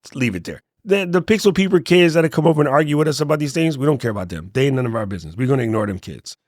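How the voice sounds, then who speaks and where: A man hosting a casual tech tutorial, relaxed and joking, often letting his voice drop off at the ends of sentences. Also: medium pitch, racing, dry recording, clean studio sound. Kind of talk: casual screen walkthrough tutorial.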